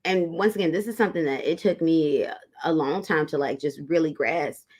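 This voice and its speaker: Woman host, tarot livestream, low-pitched, chatty and casual, talks straight to the audience. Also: moderate pace, a little mellow. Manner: chatty, talks straight to viewers as y'all, reads comments aloud. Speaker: tarot reader hosting a livestream. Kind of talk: casual livestream chat with viewers.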